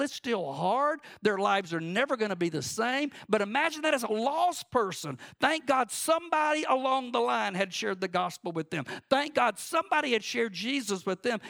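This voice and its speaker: A man's voice: high-pitched, gravelly, a bit bright. A man preaching a sermon, in an impassioned, rising and falling preaching cadence. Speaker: pastor.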